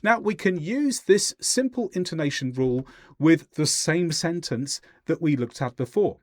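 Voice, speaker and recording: A man teaching English pronunciation in a clear, deliberate lesson voice, demonstrating example sentences slowly. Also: fairly high pitch, expressive, no echo, studio quality. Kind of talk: scripted lesson narration.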